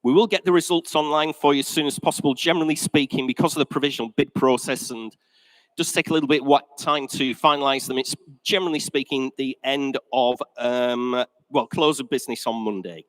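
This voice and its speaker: A man's voice: mid-range voice, brisk, no room sound, low-quality recording. A male auctioneer, chatty and jokey, slightly out of breath as he opens a live auction sale. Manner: chatty, jokey, addresses the room as ladies and gentlemen. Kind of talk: live auction opening announcements. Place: large indoor auction sale room.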